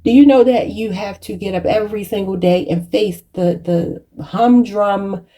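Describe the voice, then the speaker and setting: A woman's voice: mid-range voice, moderate pace, dark tone. A woman giving a channeled tarot reading, emotional and preachy, choked up and near tears, calling her viewers y'all. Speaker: tarot reader.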